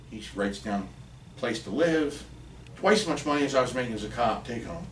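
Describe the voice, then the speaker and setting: A man in his fifties from Pennsylvania, a podcast guest, telling casual anecdotes in a lively way with the odd swear word. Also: mid-range voice, moderate pace, a little hiss or hum. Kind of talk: casual storytelling. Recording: roomy and distant from the mic.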